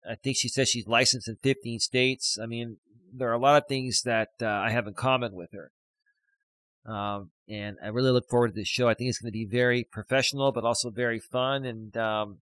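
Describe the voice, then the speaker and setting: A man's voice: mid-range voice, fairly even intonation, moderate pace, a bit bright, dry recording, low-quality recording. Middle-aged male streamer-coach, casual and rambling, reads comments aloud; dry, close recording. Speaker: live stream host, life coach. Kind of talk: casual live stream chat reading comments.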